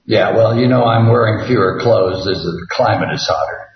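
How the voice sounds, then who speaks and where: A man's voice: lowish voice, moderate pace. A man joking wryly as a guest on a radio show over a video call. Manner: joking, wry. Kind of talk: casual interview. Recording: echoey, distant and dull call audio.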